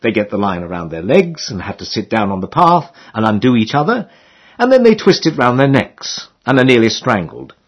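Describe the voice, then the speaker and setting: A male narrator reading a comic novel with a wry storytelling touch. His voice is husky and his pitch moves a lot, rising and dipping through the sentences. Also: big pitch swings, normal speed. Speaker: audiobook narrator.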